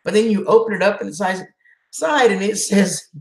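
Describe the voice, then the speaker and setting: A woman's voice: medium pitch, lively intonation, normal speed, creaky, a little mellow, echoey room. A woman hosting a casual live chat, emotional as she answers viewer comments. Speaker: channel host doing a live chat.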